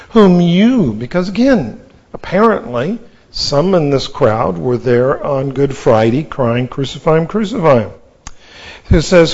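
A man teaching a Bible lesson in a sermon, quoting scripture slowly and deliberately. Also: medium pitch, darkish tone, lo-fi sound.

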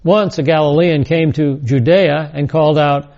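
A man's voice: a little high, steady tone, normal speed, darkish tone. A man teaching a scripture lesson, reading verses and adding casual asides. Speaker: Bible teacher. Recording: dull lo-fi recording.

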